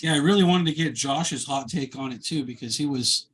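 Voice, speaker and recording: A man's voice: medium pitch, a little fast, fairly bright tone, breathy edge. A man co-hosting a casual chat, asking wry, teasing questions. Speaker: podcast co-host.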